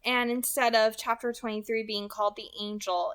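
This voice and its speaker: A young woman hosting her channel and reading a novel aloud in steady, earnest narration. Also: fairly high pitch, normal speed, smooth. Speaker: audiobook reader.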